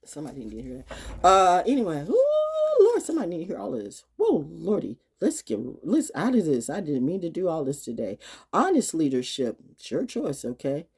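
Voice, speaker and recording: A woman speaking in an unscripted vlog monologue, blunt and profane, swinging from loud challenges to low, muttered asides. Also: wildly swooping pitch, fairly quick, husky. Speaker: astrology vlogger. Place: outdoors. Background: birds.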